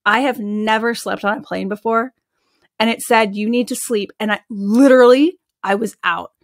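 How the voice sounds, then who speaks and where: A woman with a somewhat high voice tells stories in a lively, conversational way as a podcast guest. She talks in an animated, chatty manner and scatters "like" through her sentences. Her voice sounds dry and close, with no room echo. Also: moderate pace. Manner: chatty and animated, with frequent "like" fillers. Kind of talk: casual storytelling in an interview.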